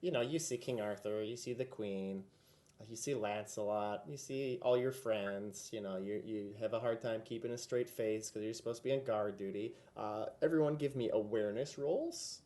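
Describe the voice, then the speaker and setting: A man runs a tabletop game as game master, narrating scenes and calling for rolls. He talks in a relaxed, chatty way, full of fillers. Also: lowish voice, moderate pace.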